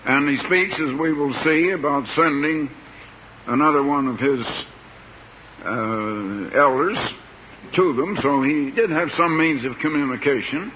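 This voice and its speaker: An older man preaching a sermon in a slow, plain-spoken, folksy way, stretching out words for emphasis. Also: on the high side. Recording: dull lo-fi tape with faint hiss.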